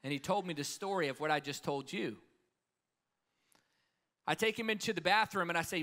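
Passionate male preacher, loud to hushed. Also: on the high side, a little fast, pauses often. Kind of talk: sermon. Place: conference hall stage.

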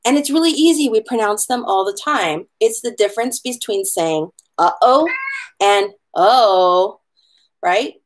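A woman from Hawaii teaching an online hula class, explaining pronunciation in a chatty, encouraging way and slowing down to spell words out letter by letter. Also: a little high, a little hiss or hum. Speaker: hula instructor.

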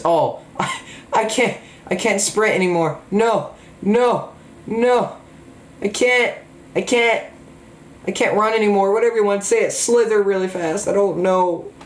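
A man giving excited, jokey gameplay commentary, full of exclamations. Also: fairly high pitch, roomy sound, a little hiss or hum. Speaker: gamer.

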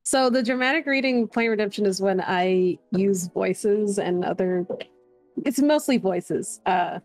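A woman's voice: medium pitch, unhurried, faint music behind. A woman guest on a podcast, chatting casually and laughing often as she tells a story, with many fillers. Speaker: guest streamer and artist.

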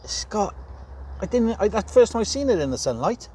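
A man chatting excitedly in a casual travel vlog, full of slang, first from a car and then inside a hotel. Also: high voice, brisk, slight background noise, poor audio. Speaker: vlogger.

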